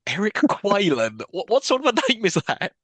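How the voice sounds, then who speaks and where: A man chatting casually as a podcast co-host. His pitch swings all over the place as he laughs and jokes. The sound is dry and close. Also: fairly quick, slightly rough, dry recording. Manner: laughs often, animated swearing. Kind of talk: casual film review chat.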